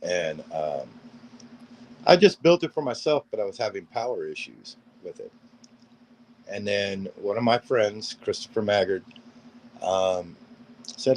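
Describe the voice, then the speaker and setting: A man's voice: on the low side, lively intonation, moderate pace, long pauses, a little mellow, a little hiss or hum, low-quality recording. A middle-aged man, a paranormal gear builder, telling rambling anecdotes as a guest on a video call and acting out each line of dialogue. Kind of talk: casual storytelling interview.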